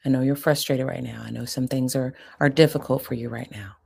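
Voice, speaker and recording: A woman psychiatrist giving a live-streamed teaching talk, calm and deliberate, modeling soothing phrases as she coaches. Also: a bass voice, gravelly, slightly rough.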